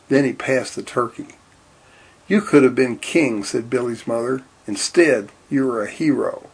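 A man's voice: medium pitch, creaky, husky. A man reading a children's story aloud, raising his voice for the characters' lines and dropping it for the narration. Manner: lifts voice for quoted lines, drops for narration.

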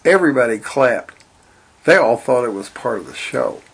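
A man reading a children's-style story aloud in a deadpan, matter-of-fact way. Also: medium pitch, moderate pace, vocal fry, slightly rough. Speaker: narrator.

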